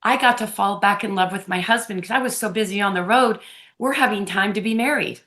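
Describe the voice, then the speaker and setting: A woman guest on an interview, telling personal stories in an effusive, animated way and laughing often, talking over a remote call. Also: medium pitch, fairly quick. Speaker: podcast guest, medium. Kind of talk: casual storytelling interview. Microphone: phone or remote call.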